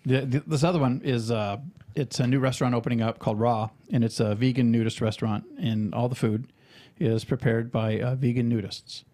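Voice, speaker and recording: A man's voice: medium pitch, steady tone, fairly quick, warm tone. A man co-hosting a podcast in casual banter, rambling and stammering through restarts, swearing freely. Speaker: podcast co-host and author. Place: podcast studio.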